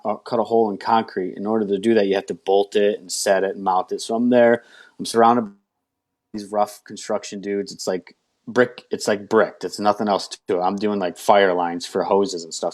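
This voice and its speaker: Interview guest, man, lowish voice, candid storyteller who slips into his own past lines. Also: a little mellow. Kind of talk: personal testimony.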